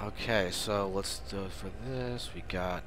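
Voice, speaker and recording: A young man casting a live strategy game match as stream host, excitable and prone to loud bursts at big plays. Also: low-pitched, a little slow. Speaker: esports caster and stream host. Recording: faint background noise.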